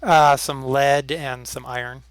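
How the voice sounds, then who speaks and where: A man's voice: medium pitch, fairly even intonation, measured pace, clean tone, no room sound, poor audio. A man hosting a let's play, chatting casually while playing and sometimes dropping to a near whisper as he concentrates. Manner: drops to a near whisper while focused on the game. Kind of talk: casual gameplay chat.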